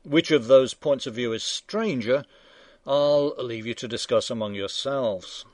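A man's voice: medium pitch, unhurried, darkish tone, dry recording. A man hosting a radio show, reading scripted satirical commentary in a dry, sardonic, mock-indignant manner.

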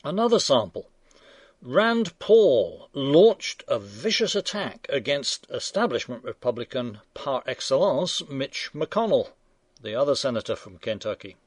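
A man's voice: medium pitch, very animated, measured pace, husky, dry recording. A man hosting a radio show, reading scripted satirical commentary in a dry, sardonic, mock-indignant manner.

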